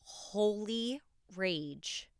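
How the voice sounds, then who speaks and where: A woman's voice: medium pitch, expressive, drawn-out words, clean tone, dry recording, studio quality. A woman hosting an unscripted personal podcast, talking candidly and passionately and swearing freely. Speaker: podcast host.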